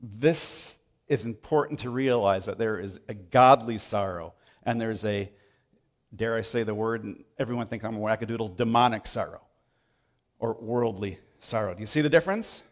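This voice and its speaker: A man's voice: lowish voice, normal speed. A man preaching a sermon as pastor, emphatic and repeating phrases for stress.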